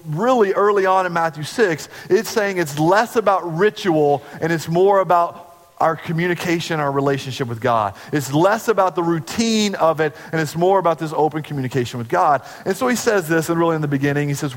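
Male pastor, conversational sermon, slightly high voice, long church reverb. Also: a little fast. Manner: earnest, conversational preaching that drops to a hush at tender moments.

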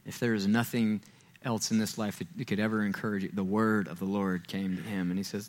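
A man preaching a sermon in a church, talking casually, acting out quoted voices and getting louder and higher when he stresses a point. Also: level tone, brisk. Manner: conversational, acts out quoted voices, rises loud and high when stressing. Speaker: pastor. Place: church sanctuary.

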